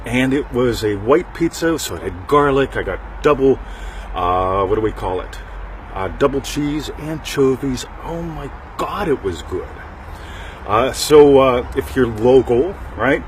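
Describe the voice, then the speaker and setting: A man's voice: medium pitch, animated, unhurried, a little hiss or hum. A middle-aged man hosting a casual talk show, rambling and joking with frequent asides to his listeners. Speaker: podcast host.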